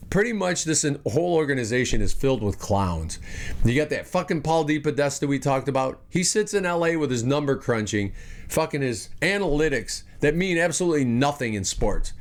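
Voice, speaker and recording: A man hosting a fan podcast, delivering an angry, profane, rambling sports rant. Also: on the high side.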